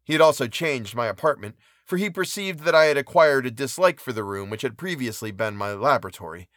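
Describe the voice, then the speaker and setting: A man reading a classic novel aloud in a measured, even narration. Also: mid-range voice, no echo, studio quality. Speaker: audiobook reader.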